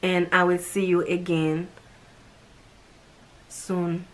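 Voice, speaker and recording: A woman's voice: lowish voice, flat delivery, slow pace. A woman casually reviewing a movie, gushing and repeating the same words of praise again and again. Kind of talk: casual chat.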